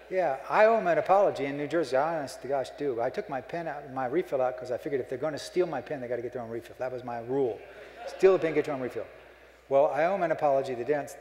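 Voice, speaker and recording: A man's voice: mid-range voice, darkish tone. A middle-aged man giving a humorous keynote speech, a folksy joking storyteller, speaking on a stage microphone in a conference hall. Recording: echoey hall, live.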